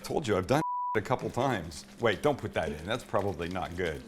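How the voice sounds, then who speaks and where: A man's voice: deep voice, animated, normal speed, background noise. A man hosting a cooking show from his indoor home kitchen, chatty and irreverent as he demonstrates a recipe.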